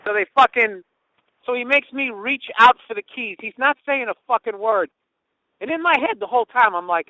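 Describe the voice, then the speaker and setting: A man's voice: very high-pitched, expressive, moderate pace, dry recording, phone-quality sound. A man hosting a podcast, telling a story in a profane, sarcastic rant from outdoors on a city street. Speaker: podcast host. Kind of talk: casual comedic monologue.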